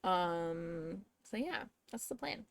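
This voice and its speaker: A woman's voice: lowish voice, expressive, takes it slowly, creaky, a little hiss or hum. A young woman streamer chatting casually and rambling while she plays a game. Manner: chatty, bubbly, slangy, rambling with fillers. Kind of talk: casual live-stream chat while gaming.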